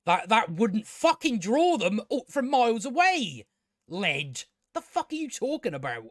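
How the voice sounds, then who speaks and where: A man's voice: high voice, big pitch swings, unhurried, dry recording, studio quality. A man giving a casual spoken TV review, ranting sarcastically with lots of swearing and filler words. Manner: sarcastic, sweary, rambling rant with many fillers. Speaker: TV show reviewer.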